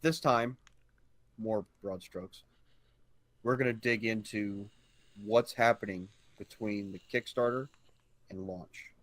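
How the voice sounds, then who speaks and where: Low-voiced blunt man co-hosting. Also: takes it slowly, long pauses, no room sound. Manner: blunt, emphatic, swears casually. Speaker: podcast co-host. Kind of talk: casual gaming chat.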